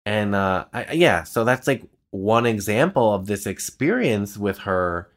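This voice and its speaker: A man's voice: on the low side, animated, a little slow. A young man in casual conversation, telling a personal story in a rambling, heartfelt way with lots of filler words. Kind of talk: casual chat.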